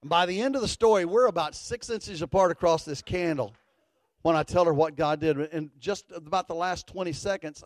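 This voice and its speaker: A middle-aged man, a pastor telling a folksy story in a sermon, animated and building to fervent declarations. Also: fairly high pitch, a little fast, dry recording.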